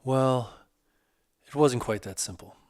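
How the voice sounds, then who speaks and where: A man voicing a divorced man in middle age opening up earnestly about an old hurt, in casual, halting speech. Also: mid-range voice, darkish tone, dry recording, studio quality, lightly acted.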